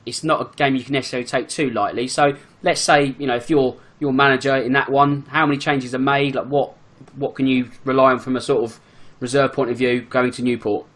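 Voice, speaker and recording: Fast-talking man in casual football chat. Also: mid-range voice, fairly even intonation, a bit bright. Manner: quick, chatty, full of fillers. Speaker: podcast guest, football fan.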